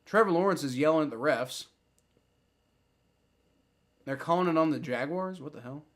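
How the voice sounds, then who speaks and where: A man giving excitable live play-by-play reactions to a football game, swearing and repeating himself often. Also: on the high side, normal speed.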